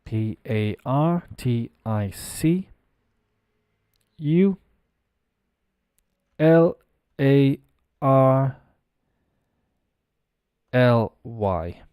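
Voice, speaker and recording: A middle-aged Irish man leads a live English pronunciation class. His voice is mellow and sits at a middle pitch, heard close and dry with no room around it. He explains patiently, drawing sounds out and spelling words letter by letter. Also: lively intonation, very slow, long pauses, clean tone, dry recording. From Ireland. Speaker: English teacher. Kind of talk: live-stream pronunciation lesson.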